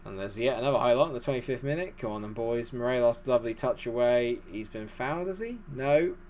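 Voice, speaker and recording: A man giving fast, excitable live commentary over a football management game, chatty and self-deprecating. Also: mid-range voice, slight background noise. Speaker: gaming YouTuber.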